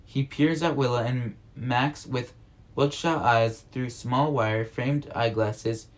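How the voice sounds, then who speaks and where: A man reads a novel aloud in a steady, mid-pitched voice. He stumbles over words now and then and goes back to correct himself, reading at an unhurried pace like an amateur home reader. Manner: steady reading with frequent slips and self-corrections.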